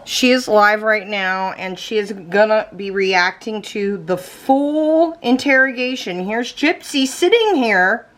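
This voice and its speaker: A woman's voice: mid-range voice, expressive, slow pace, hardly any pauses, a bit bright. A woman vlogging casually at home, reacting bluntly and swearing freely as she talks to her viewers. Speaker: lifestyle vlogger.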